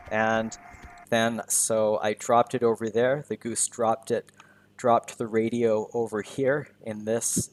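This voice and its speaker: A man's voice: medium pitch, a little hiss or hum. A man teaching English by narrating a video game in simple words, often repeating and rephrasing himself as he goes. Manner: repeats and rephrases simple sentences, self-correcting. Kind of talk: slow, simple narration of gameplay for learners.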